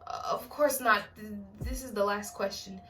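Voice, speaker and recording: In an audiobook-style reading, a woman puts on a young man who calls as a formal survey taker, stiff and overly polite. The voice is a bit distant from the mic, with clear music behind it. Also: medium pitch, fairly even intonation, a little slow, fairly bright tone, natural voice.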